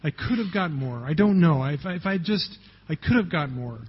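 A man reading out a remorseful wartime businessman's anguished lines, in a husky voice, on a dull lo-fi recording. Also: fairly high pitch, animated, fairly quick, big-room sound. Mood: anguished regret.

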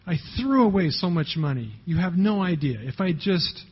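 A man reading out a remorseful wartime businessman's anguished lines, in a husky voice, on a dull lo-fi recording. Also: high-pitched, animated, moderate pace, long reverb tail. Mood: anguished regret.

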